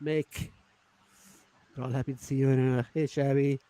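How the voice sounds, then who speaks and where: A man's voice: mid-range voice, little pitch movement, moderate pace, dark tone, clean tone, no echo. A man hosting a podcast, teasing his co-hosts and reading viewer comments aloud in casual chat. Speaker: podcast host.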